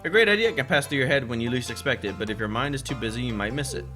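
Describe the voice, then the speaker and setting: A man's voice: medium pitch, animated, racing, lightly acted. A man reading out the lines of a dreamy young male poet in a game, over game music. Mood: musing.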